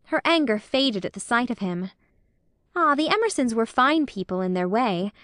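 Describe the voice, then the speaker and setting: A woman reads a classic novel aloud in a measured, expressive voice that sits a little high. The recording is dry and close, with no room sound. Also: no echo. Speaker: audiobook narrator. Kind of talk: scripted narration of a classic novel.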